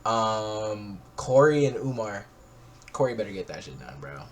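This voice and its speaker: A man's voice: on the low side, very animated, a little slow, over a noisy crowd. A young man co-hosting a casual podcast, loose and profane, full of "bro" and "like.". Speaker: podcast co-host. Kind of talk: casual chat.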